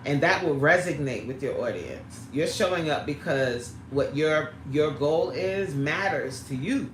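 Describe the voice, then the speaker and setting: A woman's voice: deep voice, animated, a little slow, a little hiss or hum. A middle-aged woman coaching on a live stream, chatting casually, greeting viewers by name and laughing easily. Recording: roomy echo.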